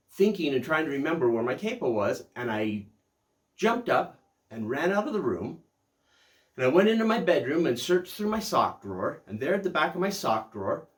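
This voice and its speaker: An older man tells a personal story at his own pace. His voice sits at a plain mid pitch. He is reflective and casual, pausing and restarting as he remembers. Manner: reflective, unhurried, with fillers and restarts. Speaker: music channel host.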